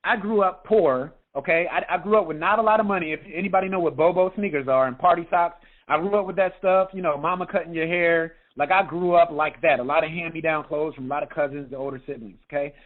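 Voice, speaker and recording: A man, a health coach, giving an energetic motivational talk on a group call, often checking in with "okay?". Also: high-pitched. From United States. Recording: tinny phone line.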